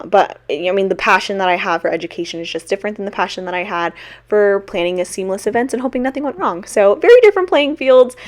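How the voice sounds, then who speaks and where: Young woman, teacher-vlogger, casual Q&A, self-deprecating, quick to laugh, middle-pitched voice, close mic. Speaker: teacher and small-shop vlogger. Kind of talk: casual Q&A chat. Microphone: own mic.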